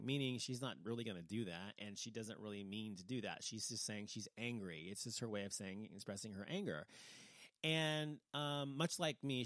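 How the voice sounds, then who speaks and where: A man's voice: fairly low pitch, fairly bright tone, dry recording. A man giving a casual opinion monologue, rambling and heated, swearing freely and restarting his sentences a lot. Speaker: vlogger. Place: lives in Dallas, Texas.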